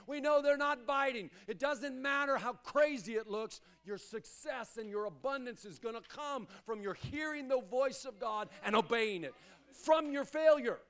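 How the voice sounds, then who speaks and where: A pastor with a notably high voice delivers a sermon. He presses his points through repetition and rises to loud, urgent exhortations. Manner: emphatic, repetitive preaching that swells to loud exhortations.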